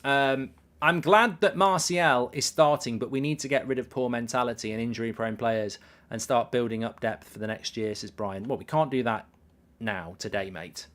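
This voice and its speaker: A man hosting a live football watchalong, chatting casually, telling stories and reading out viewer messages with swearing and lively asides. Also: mid-range voice, normal speed. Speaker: live stream host reading super chats.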